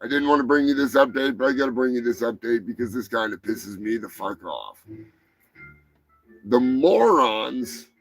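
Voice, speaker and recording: A man's voice: medium pitch, steady tone, fast talker, few pauses, a bit bright, soft background music, poor audio. A man hosting a live show, reading odd news stories in a crude, profane, mocking way. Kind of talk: crude comedic news chat.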